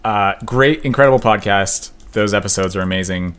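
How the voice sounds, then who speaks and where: Low voice guy cohosting a podcast, chatty, trails off, laughs a lot. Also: fairly quick, fairly bright tone, smooth. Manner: rambling, laughs often, trails off. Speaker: podcast co-host. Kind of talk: casual chat.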